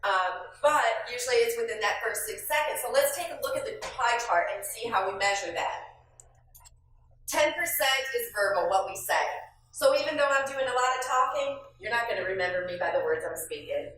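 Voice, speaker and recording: A woman from the States, leading a classroom training session for new hires in a lively, sassy, playful way. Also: fairly high pitch, a little fast, a little hiss or hum. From Southern United States. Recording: echoey room, speaker far from mic.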